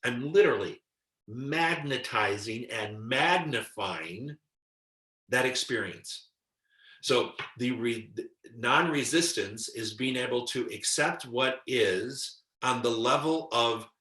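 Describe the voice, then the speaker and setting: A man's voice: medium pitch, pushed and bright. A man giving a live-streamed spiritual teaching talk and taking viewer questions. He speaks in an earnest, emphatic way and acts out his own inner voice. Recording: roomy echo.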